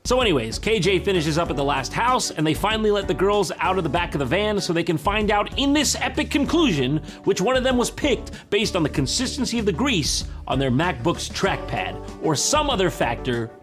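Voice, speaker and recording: A man's voice: high voice, big pitch swings, brisk, fairly bright tone, faint music behind. A man giving sarcastic, mocking comedic commentary on a reality dating show.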